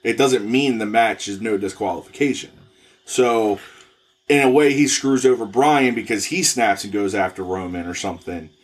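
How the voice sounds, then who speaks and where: A man's voice: lowish voice, moderate pace, breathy edge. A man co-hosting a casual wrestling podcast, hesitant and thinking aloud with frequent restarts. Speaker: podcast co-host.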